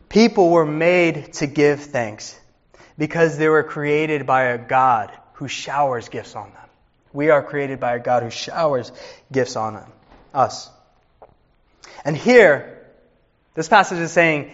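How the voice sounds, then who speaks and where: A pastor in his thirties preaches with earnest warmth and tells stories to his congregation. His voice sits a little high for a man. The recording is dull and slightly lo-fi. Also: slow pace, pauses often. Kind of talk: sermon.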